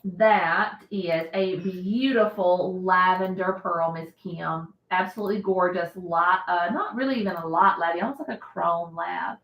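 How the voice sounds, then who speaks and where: A woman's voice: fairly low pitch, unhurried, few pauses, a bit bright. A woman hosting a casual live stream, chatting and laughing often as she answers viewer comments. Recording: roomy echo.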